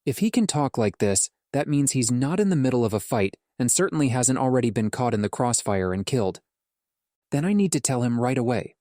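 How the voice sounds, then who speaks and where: A man narrates a fantasy audiobook in first person, speaking in a measured and earnest way at a mid pitch. The recording is dry, with no room sound. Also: lively intonation, mellow, no room sound. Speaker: audiobook reader.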